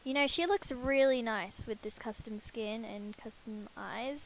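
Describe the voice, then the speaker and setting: A woman's voice: on the high side, a little slow, slight background noise, rough recording. A woman giving casual, chatty commentary while playing a life-sim game, talking to her characters and poking fun at herself. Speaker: let's play gamer. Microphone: headset.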